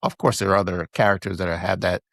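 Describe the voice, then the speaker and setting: A man's voice: sits low, steady tone, quick pace, creaky, fairly bright tone, no room sound. A podcast host from Brooklyn asking long questions that wander before landing. He sounds keen and upbeat. The recording is close and dry. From Brooklyn, New York. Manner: enthusiastic, rambling questions. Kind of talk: casual interview chat.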